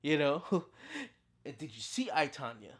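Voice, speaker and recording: A reviewer in their thirties giving a casual, unscripted film review as a channel host, excitable and full of restarts. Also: measured pace. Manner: excitable, with big pitch jumps and frequent restarts.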